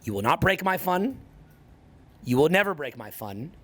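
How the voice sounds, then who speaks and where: A man's voice: fairly high pitch, sing-song, moderate pace. A man in his forties giving a motivational talk to an audience, intense and profane, driving his points home by repeating them. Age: 40s. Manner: profane, intense and emphatic, hammering points through repetition. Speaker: social skills coach.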